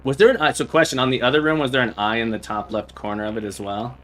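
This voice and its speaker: A man's voice: medium pitch, fairly even intonation, fast talker, a bit bright, poor audio. A man hosting a livestream, playing a game and thinking aloud as he sounds out Morse code beeps. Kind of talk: casual livestream chat while playing.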